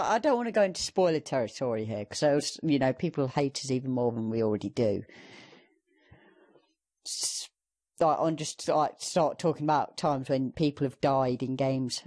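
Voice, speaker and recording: A young man co-hosting a gaming podcast, rambling loosely in casual banter. His voice sits at a middling pitch but swings up and down lively as he talks. He sounds sarcastic and full of fillers. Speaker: podcast co-host.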